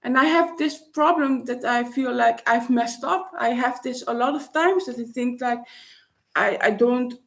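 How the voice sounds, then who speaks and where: A Dutch-speaking woman vlogger offers a personal, reflective monologue in a slightly high, creaky voice. She speaks haltingly, searching for words and frequently starting over.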